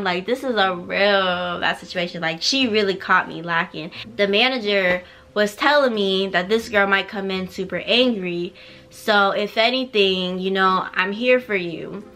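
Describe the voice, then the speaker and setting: Bright-voiced young woman telling a story. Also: medium pitch, moderate pace. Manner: blunt, animated storytelling with slang and profanity; drops to a quieter voice so neighbors won't hear. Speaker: vlogger. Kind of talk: casual storytime. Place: home at night.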